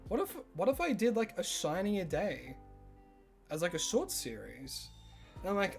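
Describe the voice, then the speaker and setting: Faint music plays behind a Tasmanian streamer whose high, sing-song, gravelly voice moves briskly. Speaking with an Australian accent, he rambles to his livestream viewers and fills his talk with "like."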